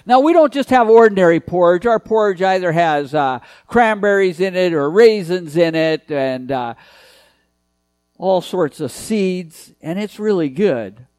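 A man's voice: high-pitched, lively intonation, unhurried, a little mellow, smooth, dry recording. A man preaching a sermon in an earnest, emphatic way, repeating key phrases.

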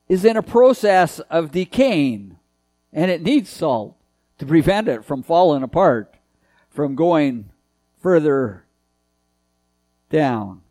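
A man's voice: sits high, a little mellow, dry recording. A man preaching a sermon in an earnest, emphatic way, repeating key phrases.

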